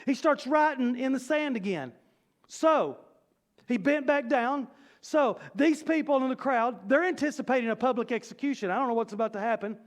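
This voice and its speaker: A man preaches to his congregation. His voice sits unusually high for a man, and he talks in an animated, conversational way with playful asides. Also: normal speed. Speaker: pastor. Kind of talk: sermon. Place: church sanctuary.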